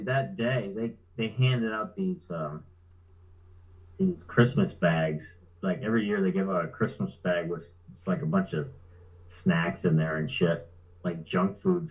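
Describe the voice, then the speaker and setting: A man's voice: low-pitched, poor audio. A man telling a story in a casual, laid-back way, swearing freely and chuckling as he talks. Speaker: guest.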